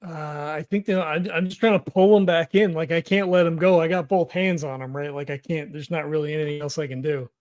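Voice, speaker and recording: A man with a notably high voice talks through his moves at a tabletop game, thinking aloud and restarting his sentences. The chat is casual and searching. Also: steady tone, fairly quick, hardly any pauses, darkish tone, dry recording, clean studio sound. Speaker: player.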